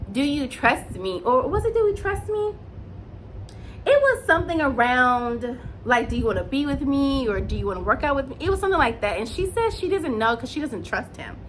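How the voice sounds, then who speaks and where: A young woman reviews a dating show in a relaxed, chatty vlog voice that sits a touch high. She gushes freely and lets her voice jump up into squeals when something moves her. A faint hiss runs under the recording. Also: poor audio.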